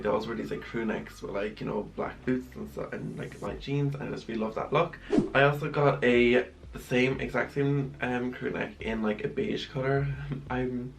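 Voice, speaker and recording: Young dude doing a haul vlog, chatty and rambly, mid-pitch voice. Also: male voice, creaky, slight background noise, low-quality recording. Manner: chatty, rambling with many fillers. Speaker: fashion vlogger.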